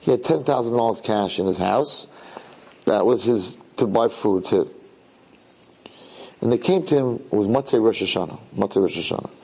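A man's voice: on the low side, normal speed, gravelly, pauses often, warm tone, slightly rough, poor audio. A man telling a religious story in a sermon, in a conversational way that repeats phrases and asks the listeners questions.

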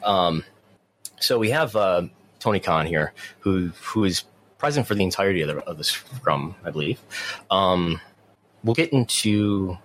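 A man's voice: low voice, lively intonation, a little slow, a bit bright, slight background noise. A man co-hosting a casual wrestling news talk show, rambling with frequent restarts. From near the US–Canada border. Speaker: podcast co-host.

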